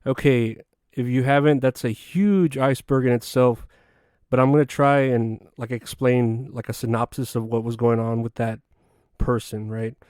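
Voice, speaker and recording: A man's voice: medium pitch, little pitch movement, normal speed, darkish tone, smooth, no echo, clean studio sound. A man hosting a solo comedy podcast, rambling through crude, offhand jokes. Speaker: podcast host.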